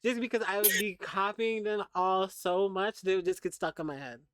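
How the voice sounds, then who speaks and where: A woman from the American South with a Southern accent, co-hosting a casual podcast chat, playful and quick to laugh. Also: mid-range voice, fairly even intonation, no echo. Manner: playful, laughs often, mimics voices. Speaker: podcast co-host.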